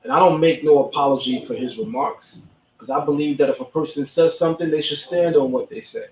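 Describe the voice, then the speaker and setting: Guy doing commentary, preachy and emphatic, repeats himself, kinda high voice, echoey and far from the mic. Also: brisk, darkish tone. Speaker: host. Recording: echoey, distant, dull sound.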